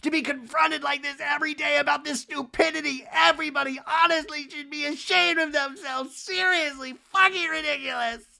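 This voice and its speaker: Give me a podcaster doing a screeching tearful woman, raging and loud. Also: steady tone, moderate pace, vocal fry, hardly any pauses, exaggerated voice. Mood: ranting. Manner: shrill screaming tirade, swearing. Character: sobbing furious middle-aged woman ranting.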